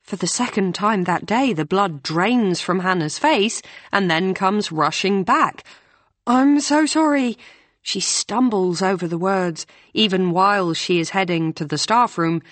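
A woman reading a novel aloud in measured scripted narration. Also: fairly low pitch, a bit bright, no room sound. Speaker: audiobook narrator.

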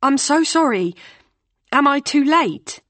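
A woman voicing a flustered, apologetic young woman, breathless and rushed. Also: sits high, animated, a bit bright, no echo, voice pushed up, exaggerated voice.

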